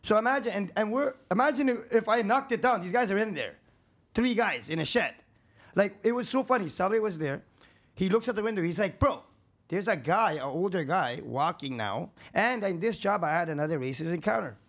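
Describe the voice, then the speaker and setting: A man with a high voice tells his stories as a podcast guest. His talk is casual, rambling and full of swearing. He drops low for asides and climbs high when a story gets exciting. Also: brisk. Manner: profane, animated, rambling anecdotes; swings between low asides and raised excitement.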